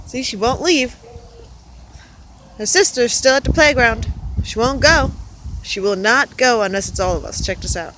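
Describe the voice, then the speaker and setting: A woman's voice: on the high side, moderate pace, long pauses. A woman from Arizona chatting outdoors on a windy day, cooing to her pet goose in sing-song baby talk. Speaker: pet goose owner vlogging. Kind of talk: casual chat to camera and pet. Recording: wind noise outdoors. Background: wind gusts.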